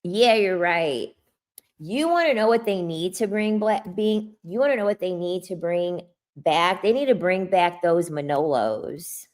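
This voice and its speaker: A woman's voice: lowish voice, animated, unhurried, darkish tone. A woman streaming casual chat who answers her viewers, laughing often and tossing in slangy asides. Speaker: livestreamer reading chat.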